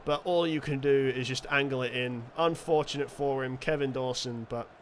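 Excitable male gamer narrating his football match over faint background noise. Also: medium pitch, moderate pace. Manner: excitable, chatty, self-correcting. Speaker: gaming commentator. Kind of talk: casual game commentary.

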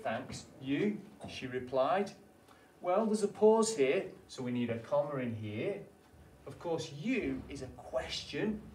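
A man's voice: mid-range voice, darkish tone, slight background noise. Male teacher going through a lesson, patient, asks then answers, bit far from the mic in an echoey room. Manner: patient, asks the class questions and answers them. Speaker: primary school teacher. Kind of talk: classroom lesson explanation.

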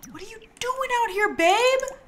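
Bright, animated woman streamer chatting. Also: extremely high pitch, a little slow. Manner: excitable, chatty, talks to her game characters. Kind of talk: live game commentary.

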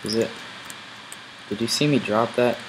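A man's voice: medium pitch, normal speed, background noise. A man casually commenting while he plays a game, thinking aloud as he goes. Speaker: gameplay video host.

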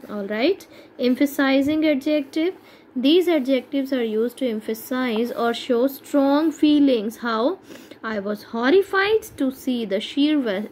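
A woman's voice: a little high, darkish tone, a little hiss or hum, low-quality recording. A woman teacher with an Indian English accent giving a grammar lesson to schoolchildren, explaining step by step and asking checking questions.

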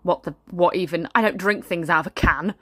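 A woman's voice: fairly low pitch, a little fast, pushed and bright, dry recording. Snobbish aristocrat mother, played by a woman, grumbling, dry close sound. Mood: disdainful. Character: haughty aristocratic mother at a kids' party. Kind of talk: comic sketch monologue.

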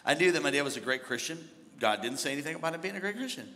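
High-voiced pastor preaching in a big hall. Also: male voice, expressive, very fast. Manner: storytelling, builds to shouting. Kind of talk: sermon. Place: large church hall. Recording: hall reverb from a big church.

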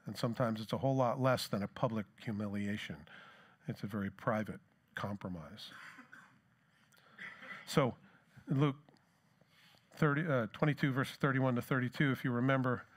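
A man's voice: mid-range voice, moderate pace, long pauses. A middle-aged man preaching a sermon as pastor, in a conversational way, with rhetorical questions and plain asides.

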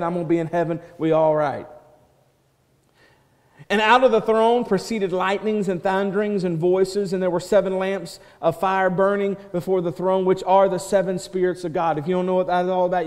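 A male pastor preaching a sermon, swinging from loud proclaiming to soft hushed quoting and restarting words as he builds a point. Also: high-pitched. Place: church sanctuary. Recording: church hall reverb.

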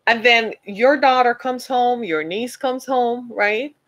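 A woman from the United States delivers an emphatic, preacher-like motivational talk, calling her listeners "y'all." Her voice is fairly high and a bit bright, and she speaks slowly. The recording is low quality.

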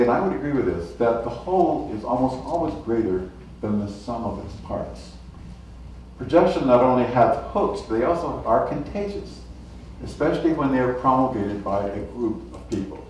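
A man giving a public lecture in a measured, explanatory way, illustrating points with small anecdotes. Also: medium pitch, a little mellow, a little hiss or hum. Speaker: guest lecturer. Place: lecture hall. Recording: echoey hall, mic from a distance.

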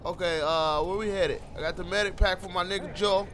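A man giving live gameplay commentary, loud and excitable, with profane play-by-play reactions. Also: high voice, brisk, slight background noise.

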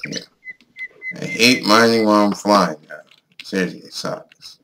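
A man giving casual let's-play commentary on his own game, excitable, swearing and yelling at the creatures on screen. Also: fairly low pitch, measured pace, very noisy. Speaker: gaming video host.

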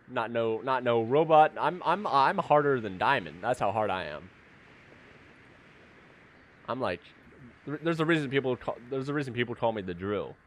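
A young man hosting a gaming video, boasting, joking and yelling at the game as he plays. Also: mid-range voice. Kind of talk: gameplay commentary.

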